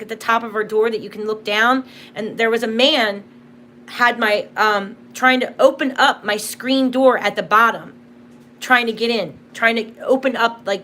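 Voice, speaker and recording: A woman's voice: fairly high pitch, pushed and bright, a little hiss or hum. A young woman hosting a casual livestream from home, telling stories in a chatty way full of fillers. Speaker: livestream host.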